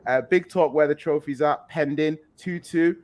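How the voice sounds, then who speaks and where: A man arguing football predictions in casual banter, teasing his co-hosts with quick comebacks and reading chat comments aloud. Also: a little high, a loud crowd. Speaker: football podcast panelist.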